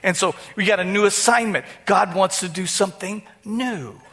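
A preacher with a high voice talks straight to his congregation. His tone is bright and cutting, and he stumbles and repeats words as he pushes his point. It is a church sermon in a casual, talking-with-you manner. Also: normal speed. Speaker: pastor.

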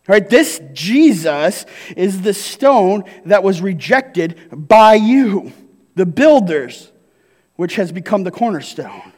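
A man preaching a sermon in a very high, light voice, with a long reverb that fills the hall around him. He talks to the congregation like he is chatting with them, breaking up the scripture with quick "right?" questions. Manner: conversational preaching with frequent "right?" tags. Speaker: pastor.

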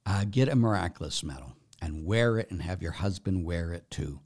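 A man, a priest, answering viewer questions, who moves from quiet conversational reading to loud, emphatic preaching with repeated phrases. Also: sits low, animated, normal speed. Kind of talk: live Q&A, reading and answering messages.

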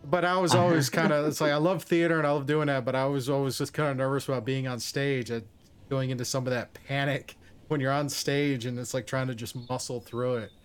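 A man hosting a livestream, chatting casually in a soft-spoken, self-effacing way. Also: medium pitch, steady tone, a little fast, slight background noise. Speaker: streamer host. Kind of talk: casual chat. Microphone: streaming setup.

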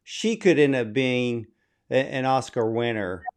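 A man hosts the interview, speaking slowly and deliberately. He is effusive and admiring as he asks his questions, at an ordinary middle pitch. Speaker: interviewer, host.

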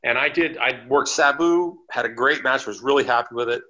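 A man, a former wrestler, telling chatty, animated anecdotes as a guest on a podcast interview. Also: medium pitch, brisk, highs cut off. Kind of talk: casual storytelling interview.

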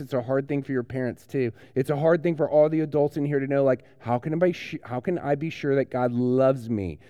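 A man's voice: a little high, dark tone, no echo, studio quality. A man, a pastor giving a playful, joking children's sermon in a conversational way.

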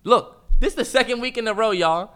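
A young man co-hosting a podcast, talking in casual heated banter, animated and swearing, and mocking impressions of his brother. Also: extremely high pitch, normal speed, smooth. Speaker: podcast co-host.

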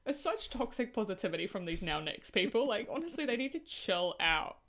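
A woman's voice: medium pitch, sing-song, brisk, fairly bright tone, a little hiss or hum. A woman with an Australian accent, co-hosting a casual book podcast, earnest and reflective. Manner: earnest, reflective, laughs easily. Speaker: podcast co-host.

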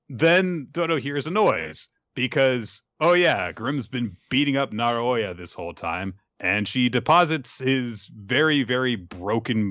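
A man's voice: on the low side, pushed and bright, no room sound, highs cut off. A man animatedly recapping a show in casual chat, laughing often.

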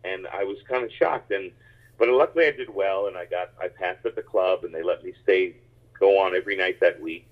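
A man who grew up in the United States, a stand-up comedian telling rambling, animated stories in a casual interview. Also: sits low, a little fast. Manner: animated, rambling anecdotes with many restarts. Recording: tinny phone-like line.

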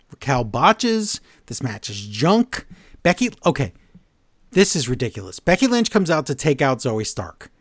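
A man's voice: medium pitch, unhurried, pauses often, dry recording, clean studio sound. A man co-hosting a podcast, recapping wrestling shows in a casual, exasperated and mocking way. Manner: animated, exasperated, mocking the quotes.

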